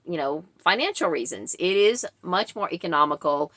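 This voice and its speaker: A woman's voice: fairly low pitch, expressive, moderate pace, a bit bright, dry recording. A woman in her forties giving casual vlog commentary as a book reviewer, chatty and explanatory, with frequent fillers.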